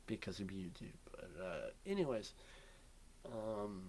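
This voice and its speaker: A young man records a loose, rambling vlog alone in his bedroom. His voice sits slightly low, and he drifts from thought to thought, filling gaps with ums and the odd yawn. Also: moderate pace, gravelly, slight background noise. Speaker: vlogger. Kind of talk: rambling casual vlog chat. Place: bedroom at home.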